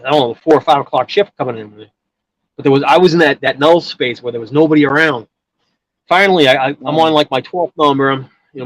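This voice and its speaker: A man's voice: mid-range voice, poor audio. A man telling a long personal story in casual chat, rambling with many restarts and filler words. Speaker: guest storyteller.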